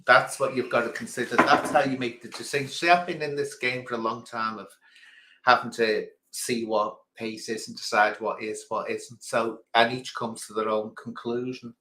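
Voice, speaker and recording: A man's voice: medium pitch, fairly even intonation, normal speed, sharp tone. A man hosting a quiz on a livestream in casual chat, theatrical and grand in a self-mocking way, calling his listeners darling. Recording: echoey room.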